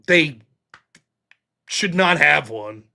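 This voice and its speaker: A man's voice: a little high, lively intonation, very slow, vocal fry, pushed and bright. A man hosting a casual livestream, talking in a joking, profane, ranting way. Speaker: livestream host.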